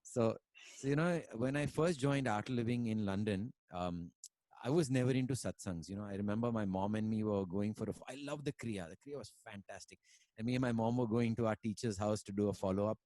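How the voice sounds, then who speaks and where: An Indian musician chats casually on a video call as a guest, rambling and storytelling with plenty of fillers and the odd Hindi word. His voice is on the low side with a dark tone, a little fast, and there's no echo.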